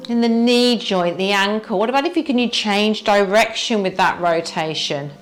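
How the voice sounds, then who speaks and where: A woman teacher guiding a yoga warm-up, gently asking the listener what they feel in the body. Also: mid-range voice, soft background music. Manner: slow, gentle, inviting questions to the listener. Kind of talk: guided yoga class instruction.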